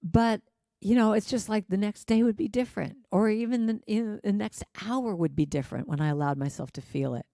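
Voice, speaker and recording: A middle-aged woman, a guest musician and speaker, gives a casual spiritual talk to a congregation in a relaxed, lively way, often slipping into sung lines and acted-out quotes. Her voice is gravelly, fairly quick, and of ordinary pitch, and the recording sounds dry and close.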